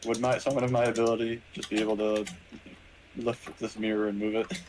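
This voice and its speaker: A man's voice: on the low side, flat delivery, brisk, a little mellow, slight background noise, low-quality recording. A man playing a tabletop game, mixing formal in-character phrasing with casual asides. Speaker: player.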